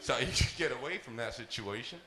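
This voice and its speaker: A male stand-up comedian from Palestine, telling stories on a live stage in an animated, profane way. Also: mid-range voice, fairly quick, crowd noise. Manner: animated, profane, laughing through his lines. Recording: echoey live venue.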